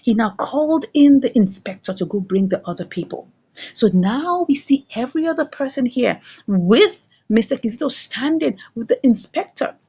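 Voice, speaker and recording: High, lively woman recapping a drama. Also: normal speed, breathy edge. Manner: dramatic storytelling with rhetorical questions. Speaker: series reviewer. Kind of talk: animated recap of a drama episode.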